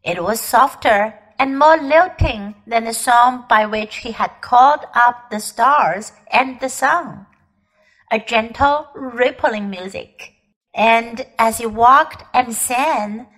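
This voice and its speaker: A woman teacher, a native Chinese speaker, reading a storybook aloud in English slowly and expressively. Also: a little high, low-quality recording. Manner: slow, careful, expressive reading. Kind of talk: storybook read-aloud narration.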